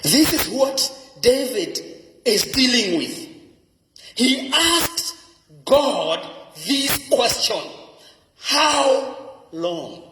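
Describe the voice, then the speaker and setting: A man's voice: extremely high pitch, big pitch swings, drawn-out words, fairly bright tone, slight background noise. A man with a Kenyan accent preaching a sermon as pastor, emphatic and repeating key phrases for effect. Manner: emphatic preaching with dramatic repetition. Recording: echoey hall with long reverb.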